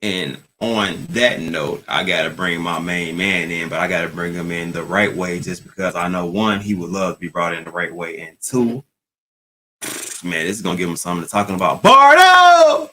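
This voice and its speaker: A man's voice: low-pitched, steady tone, moderate pace, sharp tone. A man hosting a casual livestream, talking loosely and with slang straight to his viewers. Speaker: livestream host.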